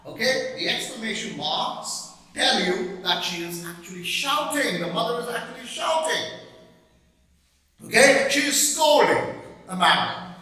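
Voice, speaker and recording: A middle-aged teacher lectures on a poem in a high, very lively and bright voice, taking his time over each point. He repeats himself with emphasis and keeps asking "okay?". He sounds far from the mic, in a strongly echoing room with a long reverb. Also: slow. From India. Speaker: English teacher.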